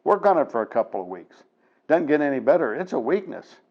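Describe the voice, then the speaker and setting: A man's voice: fairly high pitch, sing-song, brisk, muffled recording. A middle-aged man hosting a TV program, telling a motivational story in a folksy, emphatic way with bursts of laughter. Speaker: TV program host.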